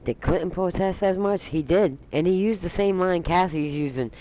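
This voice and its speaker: A man's voice: sits high, moderate pace, a little mellow, low-quality recording. A man hosting a livestream, chatting casually and teasing with frequent laughter. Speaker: livestream host.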